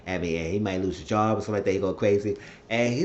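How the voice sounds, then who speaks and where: Profane, excitable man recapping a show. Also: fairly low pitch, quick pace. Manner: retells scenes in quotes, profane asides, excitable. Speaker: TV episode recapper. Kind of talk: casual TV episode recap. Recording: dull lo-fi recording.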